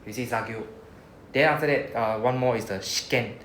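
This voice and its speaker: A man's voice: mid-range voice, fast talker, a bit bright, roomy sound, slight background noise. A man with a Singaporean English accent teaching a Japanese class in a chatty, casual way, drawing out sounds as he models words.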